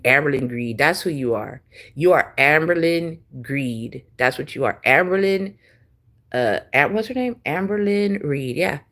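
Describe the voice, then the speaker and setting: A woman, ranting profanely and taunting someone on a livestream, swinging between loud and soft. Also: sits low, expressive, a little slow. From Texas. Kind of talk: angry livestream rant.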